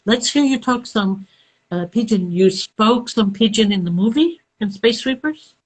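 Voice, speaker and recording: A woman's voice: on the high side, expressive, measured pace, slightly rough, poor audio. Curious woman hosting a live chat. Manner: curious, prompting questions. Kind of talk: interview hosting.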